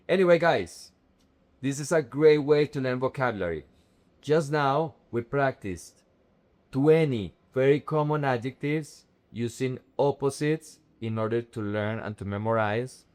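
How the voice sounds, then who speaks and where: A young man teaches vocabulary at an unhurried pace. He says each word slowly and carefully, then repeats it in drills. His voice sits at an ordinary middle pitch. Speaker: Spanish teacher. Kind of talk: vocabulary lesson to camera.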